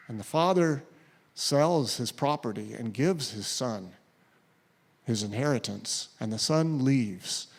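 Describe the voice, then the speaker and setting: A man preaching in an unhurried, drawn-out way with a fairly high voice. He tells the story with acted-out quotes and lets his voice fall almost to a whisper on key lines. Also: expressive. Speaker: pastor. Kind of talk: sermon.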